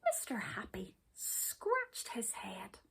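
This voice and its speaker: A woman reading a children's story aloud, gentle and expressive. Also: mid-range voice, slow pace, vocal fry, breathy edge, in a whisper.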